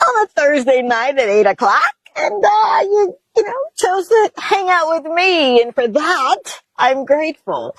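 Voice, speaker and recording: High-voiced effusive woman host. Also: no echo, poor audio. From Mississippi, USA. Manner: effusive, chatty, laughs often. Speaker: talk show host. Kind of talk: talk show hosting to camera.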